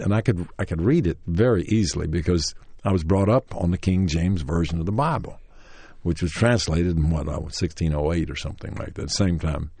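A man's voice: deep voice, moderate pace, mellow, slightly rough, dry recording. An older man with a Tennessee accent telling a long, rambling story about his early acting days, full of restarts and chuckles, who acts out quoted lines in a livelier voice. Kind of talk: anecdotal storytelling interview.

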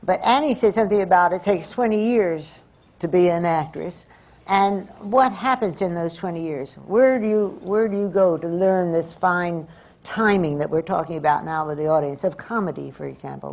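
A woman's voice: on the low side, normal speed, a little mellow. A woman moderating a panel, pressing the guests with probing questions. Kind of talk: asking questions.

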